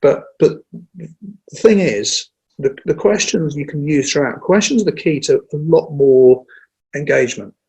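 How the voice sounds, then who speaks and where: A man who trains people in presenting, talking in a lively conversational way and acting out what an audience says. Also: fairly high pitch, low-quality recording. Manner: energetic, acts out audience lines, speeds up and slows down on purpose. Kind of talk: casual conversational interview.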